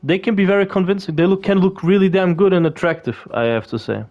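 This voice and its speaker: A man's voice: high-pitched, fast talker, highs cut off. A man chatting casually while he plays a video game, rambling and swearing with lots of fillers and restarts. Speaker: gaming video creator. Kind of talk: casual gameplay commentary.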